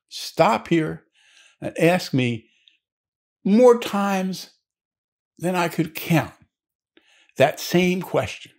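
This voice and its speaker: Guy putting on a high creaky old shopkeeper voice, seventy-plus, dry and deadpan. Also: heavily acted. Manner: high put-on voice, wry.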